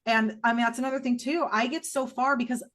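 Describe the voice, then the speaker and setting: Talking fast in a steady tone, a middle-aged woman gives emotional personal testimony as a guest on a podcast. Her delivery is raw and blunt, laced with strong profanity, and her voice shifts between hushed lows and loud highs.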